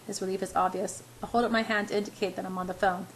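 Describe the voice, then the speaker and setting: A woman reads a first-person story aloud in a plain, steady voice. Her pitch is mid-range for a woman. A faint background noise sits under the reading. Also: quick pace, poor audio. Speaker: reader.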